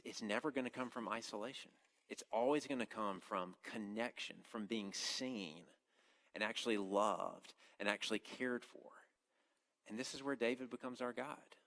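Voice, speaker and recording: A man's voice: mid-range voice, a bit bright. A man preaching an earnest, conversational sermon, often restarting his phrases as he speaks. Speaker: campus minister preaching.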